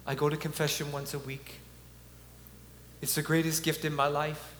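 A man's voice: a little high, little pitch movement, moderate pace, fairly bright tone. A man giving an earnest, conversational preaching talk with chuckles, at a conference in a large hall. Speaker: conference speaker. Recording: echoey hall, faint hum.

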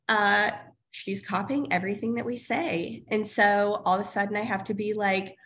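A woman's voice: mid-range voice, a bit bright. A woman in her thirties co-hosting a parenting podcast, chatting casually with lots of fillers and laughs. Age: 30s. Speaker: podcast co-host. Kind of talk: casual chat.

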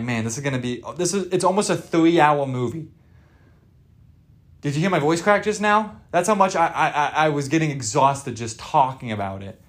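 A young man hosting a podcast, ranting in a rambling, jokey, over-the-top way and swearing freely. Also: fairly high pitch. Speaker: podcast host. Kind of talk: casual comedic rant.

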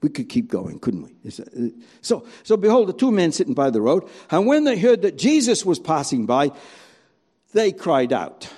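Animated preacher, mellow voice. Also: male voice, fairly high pitch, moderate pace, husky. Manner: animated preaching, rhetorical questions, acts out quoted voices. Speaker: pastor. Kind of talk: sermon.

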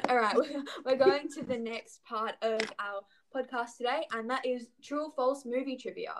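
A woman's voice: on the high side, moderate pace, low-quality recording. A young Australian woman co-hosting a podcast, chatting casually with lots of "like" fillers. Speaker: podcast co-host. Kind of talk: casual chat.

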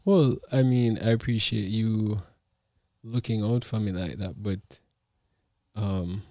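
A man co-hosting a casual podcast with his partner. His lowish, mellow voice stays measured as he calmly holds his point. The recording is dry and close. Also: dry recording. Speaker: podcast co-host. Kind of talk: casual couple's podcast chat.

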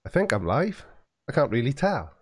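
A man's voice: mid-range voice, big pitch swings, normal speed, slightly rough, no echo, clean studio sound. A man hosting his own live-streamed podcast, chatting casually with a rambling, self-deprecating manner. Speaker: podcast host.

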